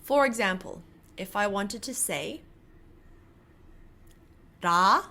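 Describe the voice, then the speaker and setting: Slow, bright-voiced woman teaching pronunciation. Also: a little high, expressive. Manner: demonstrates sounds slowly with louder repeated syllables. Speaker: Korean language teacher. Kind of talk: pronunciation lesson to camera.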